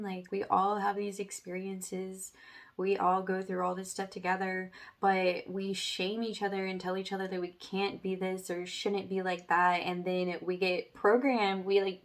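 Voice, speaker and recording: A woman leading a guided spiritual workshop, chatty and casual, filling her talk with "like" and "okay", dropping to a soft hush for meditation. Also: mid-range voice. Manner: chatty, says "like" and "okay" often; soft, hushed when guiding meditation.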